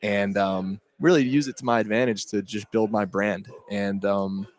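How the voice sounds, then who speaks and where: A young man from Connecticut, a college quarterback, giving relaxed interview answers with frequent laughs. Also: on the low side, normal speed. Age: young adult. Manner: easygoing, laughs often, restarts.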